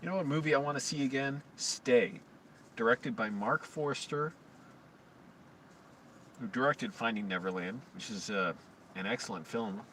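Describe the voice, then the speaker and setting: A man's voice: medium pitch, normal speed, long pauses, fairly bright tone. A man in a casual vlog, rambling in a crude, self-deprecating, tired way. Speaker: vlogger, homeless filmmaker. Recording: distant mic with traffic noise.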